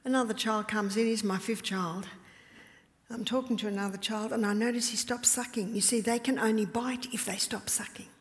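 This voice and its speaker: A woman's voice: fairly high pitch, steady tone, normal speed. A woman, a mother of several children, telling stories to an audience at a health retreat. She often laughs and drops her voice to a whisper to stress a point. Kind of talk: storytelling talk to an audience. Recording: long hall reverb.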